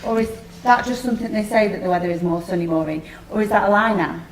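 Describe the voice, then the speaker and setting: A woman's voice: mid-range voice, quick pace, roomy sound, a little hiss or hum, lightly acted, rough recording. A woman playing a whiny frail old mother. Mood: plaintive. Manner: plaintive, wheedling and querulous. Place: theatre studio.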